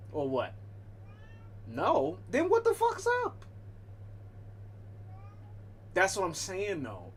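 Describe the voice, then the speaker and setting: A man on a casual stream with a slightly high voice, rambling and swearing his way through a one-sided chat with his cat. He keeps cutting himself off mid-sentence to start over. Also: slight background noise. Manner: frequent self-interruptions and restarts. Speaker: livestreamer.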